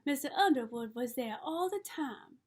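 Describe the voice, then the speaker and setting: A woman's voice: high-pitched, expressive, normal speed, darkish tone. A woman reading the part of a stern, disapproving older aunt who speaks in a prim, scolding way.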